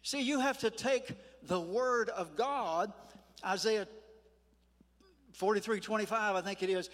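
An older man preaching a sermon in a church, folksy and emphatic, slowing down to stress words. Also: high-pitched, fairly bright tone. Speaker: pastor. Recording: echoey church hall.

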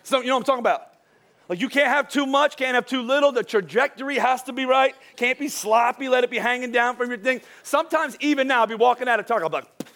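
A male pastor with a high-pitched voice preaches a sermon, his voice worn thin after a full day of speaking. He delivers it as lively, joking storytelling and turns soft and slow when the message turns serious. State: voice wearing out from a long day of preaching.

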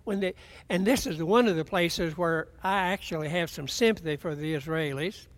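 A man's voice: on the high side, normal speed. An older man preaching a folksy, rambling sermon, often restarting his sentences.

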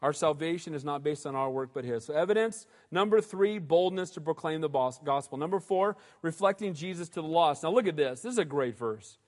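A male pastor delivering an emphatic, animated sermon and often calling for amens. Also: on the high side, brisk, hardly any pauses. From United States. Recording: reverberant hall.

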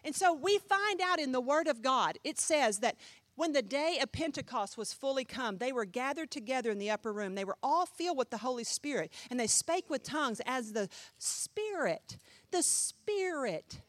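A middle-aged woman pastor preaches in a high, dry, close-miked voice. She fires rhetorical questions and swings from loud emphasis to hushed asides. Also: animated, moderate pace, few pauses, dry recording. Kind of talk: sermon.

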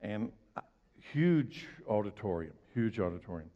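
Animated and a little slow, a pastor tells stories through a conversational sermon, his voice rising and falling dramatically in pitch and volume. Long hall reverb fills a dull-sounding recording.

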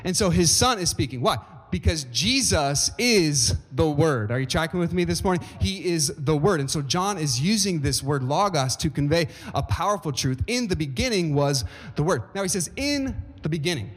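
A man's voice: fairly high pitch, expressive, moderate pace, hardly any pauses. A man preaching a sermon as pastor, speaking emphatically and often asking the congregation questions. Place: church sanctuary. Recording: long reverb of a church hall.

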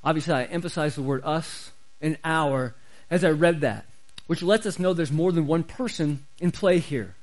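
A male pastor delivering a sermon in a fairly high-pitched voice. He is emphatic and repeats key phrases to drive them home. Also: normal speed, low-quality recording.

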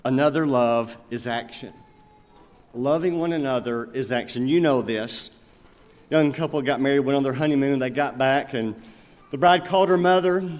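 A male pastor preaching a sermon, telling stories and slowing down to stress his points. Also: medium pitch, a little mellow. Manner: storytelling, emphatic, with slow pointed phrases. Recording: long reverb of a large hall.

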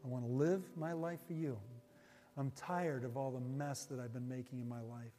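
A male pastor preaching a sermon and leading an altar-call prayer, earnest and folksy, repeating his phrases and dropping to a hush as he prays. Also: mid-range voice, fairly even intonation, normal speed, big-room sound, soft background music. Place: church sanctuary.

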